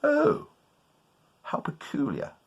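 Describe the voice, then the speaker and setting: The North Wind, a grand and kindly spirit, as a male storyteller puts him on, rising high above the teller's own low register with long, swooping exclamations. The voice stays slightly husky. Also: huge pitch swings, slow, dull audio, full character voice. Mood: puzzled.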